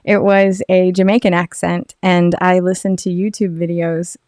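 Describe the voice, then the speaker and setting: A woman's voice: fairly low pitch, flat delivery, moderate pace, darkish tone, no echo, studio quality. A woman who works as a voice-over artist, chatting animatedly as a guest on a podcast and laughing often. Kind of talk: casual podcast chat.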